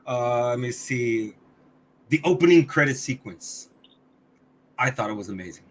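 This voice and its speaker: A man's voice: mid-range voice, animated, moderate pace. A man co-hosting a podcast, reviewing a movie in casual chat, blunt and swearing often, with many restarts. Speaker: podcast co-host.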